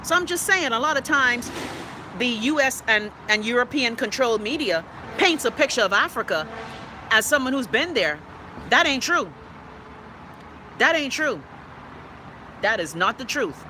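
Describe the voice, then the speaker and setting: A woman's voice: mid-range voice, sharp tone, a little hiss or hum. A middle-aged woman with a Bahamian accent hosting a live stream, reading viewer comments and giving her blunt, profane opinions. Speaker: host.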